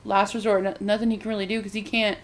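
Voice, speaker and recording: Woman co-host, casual movie recap, animated, voices the characters, faint ambient noise. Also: medium pitch, quick pace. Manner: animated storytelling, acts out characters' lines, frequent "like".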